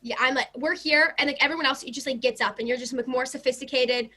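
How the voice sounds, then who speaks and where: Guest: young American woman, bright sharp tone, chatty and gushing. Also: sits high, steady tone, quick pace. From United States. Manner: bubbly, lots of "like". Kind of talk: casual chat.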